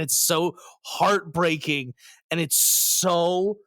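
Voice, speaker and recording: A man's voice: mid-range voice, moderate pace, fairly bright tone, dry recording, studio quality. A man co-hosting a casual podcast chat, enthusiastic and emotional, often stumbling over his words. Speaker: podcast co-host.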